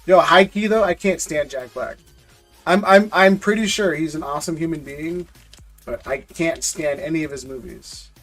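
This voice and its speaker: A man's voice: fairly high pitch, normal speed, a bit bright, soft background music. A man hosting a live stream, chatting casually and jokingly with viewers in loose slang, often repeating words as he goes. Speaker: live-stream host opening trading card packs.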